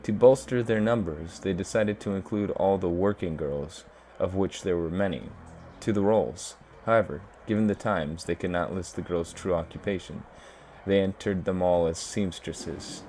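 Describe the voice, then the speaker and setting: A man's voice: low voice, normal speed, warm tone, slight background noise, close to an everyday voice. A man voicing a composed, guarded but playful woman who runs a bar, read aloud from a game.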